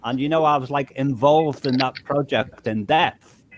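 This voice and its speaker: A man's voice: medium pitch, moderate pace. A man with an English accent leaning toward Scouse, chatting casually on a panel and rambling through explanations. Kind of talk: casual chat.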